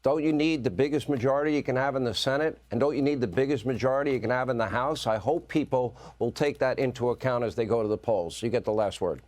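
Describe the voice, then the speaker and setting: A middle-aged man hosting a cable news interview, asking punchy, brisk questions. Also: mid-range voice, darkish tone. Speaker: news show host.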